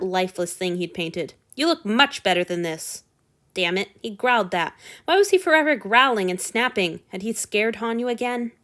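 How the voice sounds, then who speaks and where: A woman reading fan fiction aloud with expressive storytelling narration. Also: medium pitch. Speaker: audiobook reader.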